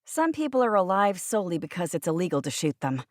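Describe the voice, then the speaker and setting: Woman voicing a sardonic man, dry wit, low-key, audiobook reading, dry close sound. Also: big pitch swings, quick pace, no echo.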